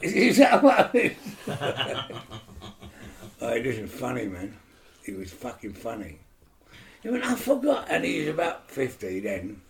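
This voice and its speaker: A man's voice: mid-range voice, very animated, a little slow, creaky, pauses often. A man, co-hosting and telling crude stories in casual chat, laughing and acting out other people's voices. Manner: coarse, laughing storyteller who acts out other voices. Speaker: co-host, storyteller. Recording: echoey room.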